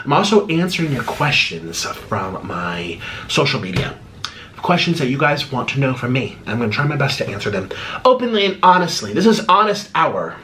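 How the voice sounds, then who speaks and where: Bubbly, lively man chatting while eating. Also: normal speed, slight background noise. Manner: swings between bubbly high exclamations and low mumbling asides; chews and talks while eating. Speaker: mukbang host. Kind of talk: casual eating vlog chat. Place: home, eating at a table.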